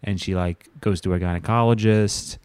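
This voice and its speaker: A man's voice: low-pitched, fairly even intonation, normal speed, a little mellow, smooth, no echo. A man co-hosting a casual comedic chat, rambling crudely and acting out quoted voices. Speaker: podcast co-host.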